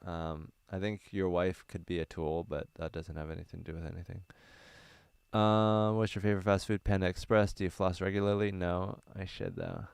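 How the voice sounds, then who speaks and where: A young man talks in a low, smooth voice, wandering through his answers with plenty of ums and uhs. He sounds earnest and off-the-cuff as he chats with viewers. The sound is dry and close, recorded inside a small van. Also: steady tone, moderate pace, no room sound. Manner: rambling, filler-heavy, earnest. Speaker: stand-up comedian. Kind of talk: casual livestream Q&A.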